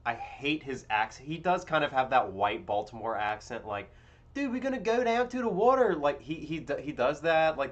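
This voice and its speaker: A young man talking casually on a live stream, blunt and profane. His voice jumps from loud, animated outbursts to low, grumbling mutters. He keeps a plain, mid-pitched voice and an easy, chatty flow.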